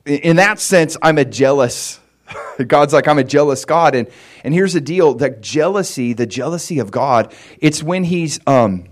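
A man's voice: fairly high pitch, lively intonation, a little slow. An American man preaching a casual teaching sermon, talking loosely with lots of "like" and "you know" and checking that his listeners follow. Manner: conversational, many fillers like "like" and "you know"; checks in with listeners by asking if it makes sense. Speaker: pastor.

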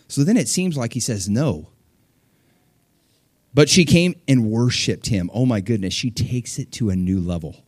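A man preaching a sermon, retelling scripture in an animated way, swinging between hushed and loud and laughing often. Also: mid-range voice, normal speed, no room sound, clean studio sound. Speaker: pastor.

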